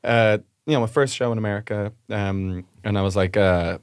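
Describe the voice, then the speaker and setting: An Irish man, a comedian co-hosting a podcast, telling a wry, self-deprecating anecdote in relaxed casual chat. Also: fairly low pitch, moderate pace, clean tone, no echo, studio quality.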